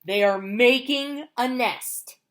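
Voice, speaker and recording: A woman reading aloud, voicing a patient, cheerful little female pig who explains things gently. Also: on the high side, takes it slowly, pitched above the performer's own voice.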